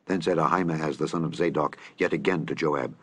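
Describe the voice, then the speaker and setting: A man reading scripture aloud in a measured, solemn manner. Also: extremely low pitch, fairly bright tone, husky. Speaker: scripture reader.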